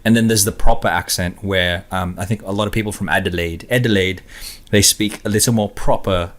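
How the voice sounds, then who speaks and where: A man's voice: low-pitched, fairly even intonation, brisk, fairly bright tone. A man co-hosting a podcast, chatting casually and laughing through his stories. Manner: laughs while telling stories. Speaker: podcast co-host. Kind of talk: casual chat.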